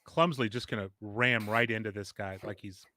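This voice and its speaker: A man's voice: on the low side, steady tone, brisk, sharp tone, no echo. A man playing a tabletop game, hesitant and laughing often. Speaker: player. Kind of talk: casual tabletop play.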